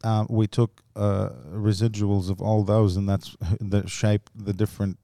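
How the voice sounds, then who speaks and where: This is a man from Lebanon chatting on a podcast, with a smooth, resonant voice in a dry room. He tells stories with lively energy and is quick to slip into voices. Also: fairly low pitch, no echo. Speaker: comedian guest. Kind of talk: casual podcast chat.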